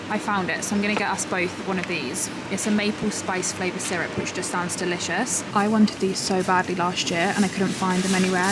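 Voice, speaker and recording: A young British woman vlogging casually at home, gushing and excitable, full of "literally" and "like". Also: mid-range voice, very noisy. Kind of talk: casual vlog chat.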